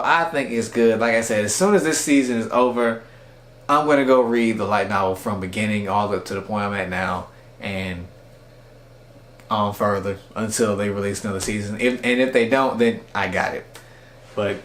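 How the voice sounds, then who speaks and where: A man casually recapping and reviewing an anime episode, rambling with lots of "like" and "you know". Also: fairly low pitch. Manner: rambling, filler-heavy with frequent "like". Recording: echoey room.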